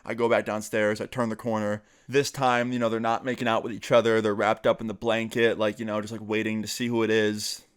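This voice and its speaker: A man's voice: fairly low pitch, flat delivery, fairly quick, few pauses, clean tone. A young man vlogging a casual storytime, chatty and full of fillers, slipping into the voices of the friends he quotes.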